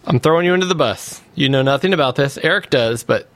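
A man's voice: medium pitch, expressive, fast talker, fairly bright tone, no room sound. A man hosting a podcast over a remote call, casual and playful, teasing his co-host. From United States. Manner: playful, teasing, leads the segment. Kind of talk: casual chat.

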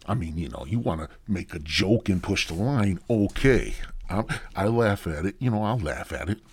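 A man hosting a podcast, riffing through a meandering, profane comedic monologue with lots of halting restarts, close to the microphone. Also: low-pitched, animated, slightly rough. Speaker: podcast host.

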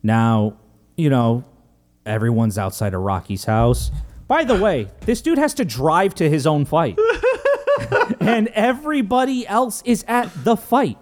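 A man casually recapping a movie as a podcast host, animated, joking and profane. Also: on the high side, measured pace. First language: Italian heritage, speaks English.

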